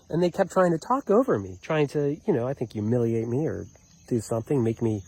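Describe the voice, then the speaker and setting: A man tells a personal story in a loose, rambling way, swearing freely and stumbling over fillers and restarts. His voice swings widely in pitch as he acts out what others said, sometimes rising to a shout. The sound is close and dry, with no room around it. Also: fairly quick, husky, no room sound. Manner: animated, profane, many fillers and restarts. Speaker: vlogger telling a personal story.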